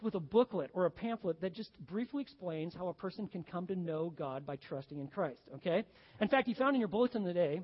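Pastor preaching in an echoing church. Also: male voice, high-pitched. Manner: conversational, storytelling, acts out jokes. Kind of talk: sermon. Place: church sanctuary. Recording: dull sound in a reverberant hall.

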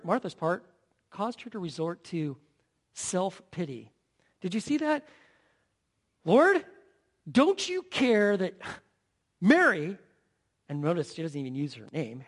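A man preaching a sermon, telling a story dramatically, asking the audience rhetorical questions, and dropping from loud to hushed. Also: high-pitched. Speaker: pastor.

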